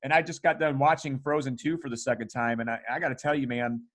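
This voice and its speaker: A man hosting a podcast, chatting in a casual, animated, slangy way. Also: mid-range voice, fast. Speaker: podcast host.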